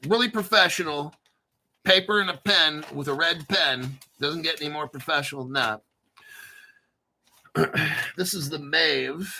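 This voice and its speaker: A man in a loose, unscripted crypto stream, jumping between jokes, stories and coin talk with plenty of swearing. His voice is very bright and sharp, sitting a touch higher than most men's, and he takes his time with his words. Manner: rambling, profane, jokey. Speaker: crypto YouTuber. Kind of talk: casual unscripted livestream talk.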